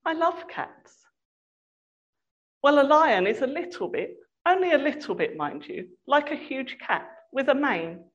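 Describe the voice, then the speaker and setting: A woman's voice: high-pitched, sing-song, a little slow, muffled recording, pitched above the performer's own voice. A woman playing a blunt, eager schoolboy. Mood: exasperated.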